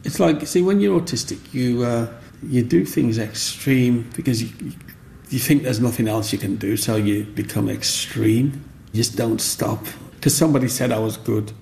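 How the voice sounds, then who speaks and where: An older man tells his story. His voice is gravelly and warm. He speaks with animated energy and slips into the voices of the people in his tales. A faint ambience sits underneath. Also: lowish voice, slight background noise. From Black Country, England. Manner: lively, acts out voices in his stories. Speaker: interviewee.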